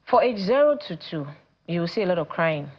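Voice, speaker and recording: Nigerian woman, parenting coach on a talk show, animated, quotes people in voices, a bit dull sound. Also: fairly low pitch, brisk. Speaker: teen coach guest. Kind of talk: studio talk show conversation.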